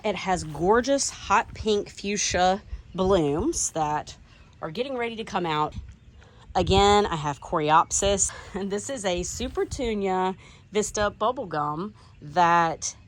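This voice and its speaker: A middle-aged woman with a Southern US accent talks her way around her garden outdoors, gushing over each bloom in a chatty, enthusiastic way. Her voice sits a little low. A faint hum of outdoor ambience stays behind her. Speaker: garden vlogger. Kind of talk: casual garden tour narration.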